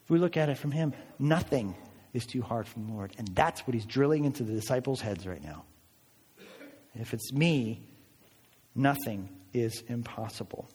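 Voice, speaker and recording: A man preaching a sermon as a pastor, in an animated, conversational way, acting out people's voices as he tells the story. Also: mid-range voice, fairly quick, breathy edge, big-room sound. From United States.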